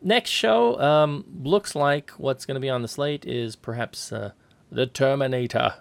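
Gravelly-voiced man hosting a podcast. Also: mid-range voice, no echo. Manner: jokey, teasing, brisk announcer-like wrap-up. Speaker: podcast host. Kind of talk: podcast sign-off and casual chat.

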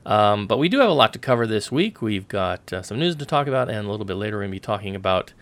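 Man, low gravelly voice, podcast co-host, relaxed rambling chat. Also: fast. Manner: relaxed, rambling with many fillers. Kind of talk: casual chat.

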